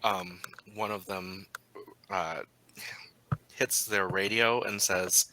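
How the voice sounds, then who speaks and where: A man running a tabletop role-playing game as storyteller, narrating in an unhurried, halting way with frequent ums. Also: low-pitched, steady tone, sharp tone, low-quality recording.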